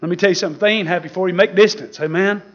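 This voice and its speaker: A man preaching a fiery sermon, with shouted peaks and laughter. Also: high-pitched, rapid-fire, dull audio.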